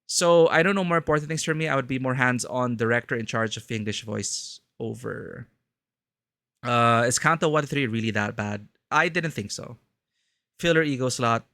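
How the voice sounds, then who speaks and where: A man's voice: mid-range voice, normal speed, sharp tone, no room sound. Rambling man streaming a game. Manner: rambling, self-interrupting. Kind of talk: casual live-stream chat.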